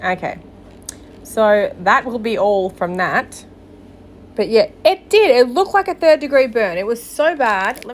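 A woman's voice: a little high, expressive, a little slow, a little hiss or hum. A woman hosting a podcast, reading posts aloud and breaking off into sarcastic, swearing asides with frequent laughter. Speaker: podcast host.

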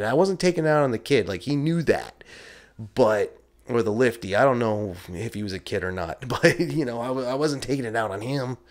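A man hosting a podcast, telling a story in a casual, rambling, self-deprecating way and swearing freely. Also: lowish voice. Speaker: podcast host. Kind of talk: casual first-person storytelling.

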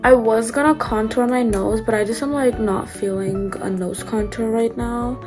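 A woman's voice: a little high, fairly even intonation, moderate pace, over music. A young woman vlogging her makeup routine in casual, filler-heavy chat. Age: young adult. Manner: chatty, filler-heavy, upbeat. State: slightly losing her voice. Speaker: beauty vlogger. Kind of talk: casual get-ready-with-me chat.

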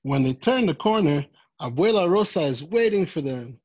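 A volunteer reading a children's picture book aloud, gently and expressively, lifting the voice for quoted greetings, on a dull lo-fi home recording. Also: mid-range voice, lively intonation, normal speed, slightly rough. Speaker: volunteer story reader.

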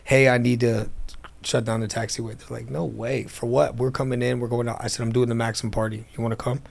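A man's voice: medium pitch, brisk, vocal fry. A man telling his business story in a casual interview, acting out the voices of people in it, recorded in an airplane hangar. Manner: animated, acts out quoted dialogue.

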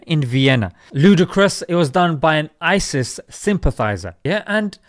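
A man with a high, lively voice holds forth in an opinion monologue about current events. He talks emphatically and keeps hitting the listener with rhetorical questions. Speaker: commentator.

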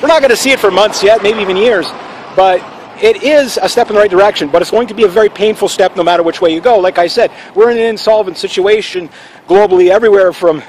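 A man's voice: sits high, quick pace, a little hiss or hum, poor audio. A man hosting a casual opinion vlog, talking assertively in a rambling way. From Canada. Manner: assertive, rambling, with fillers and restarts. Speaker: channel host.

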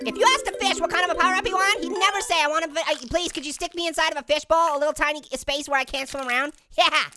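A man voicing a hyper, pun-loving talking orange, hosting gameplay commentary in a squeaky, sped-up high voice with constant giggly laughs. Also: fairly even intonation, rapid-fire, pushed and bright, full character voice. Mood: manic. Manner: manic punning, constant cackling laughs. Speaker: let's play host. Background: game music.

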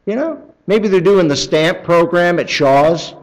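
A male pastor preaching a sermon in a church, conversational and animated, acting out other people's excited voices. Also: sits high, unhurried, few pauses, rough recording. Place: church sanctuary.

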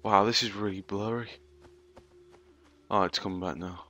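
A man giving casual let's-play commentary, sweary and sarcastic, reacting out loud to what happens in the game. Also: lowish voice, steady tone, moderate pace. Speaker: gamer.

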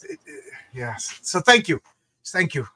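A man guesting on a live stream, chatting casually from his home comic room over a video call, excitable and repeating his words as he goes. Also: a little high, unhurried.

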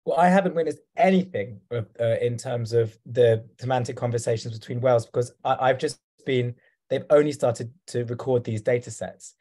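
A man's voice: mid-range voice, brisk, dark tone. A man giving a talk over a video call, rambling and hesitant with many fillers. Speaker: guest speaker.

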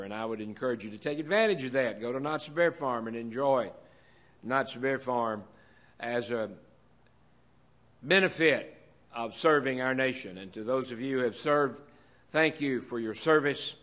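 Guy hosting a live event, mid-pitched voice, folksy, talking straight to the crowd. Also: moderate pace, a bit bright. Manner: folksy, direct, addressing the room. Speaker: host. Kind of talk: live event announcements to an audience.

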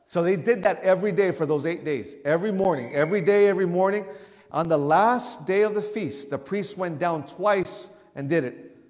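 A man leading a Bible study, talking in a loose conversational way, often restarting his words and raising his voice to act out shouts. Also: high voice, moderate pace, big-room sound.

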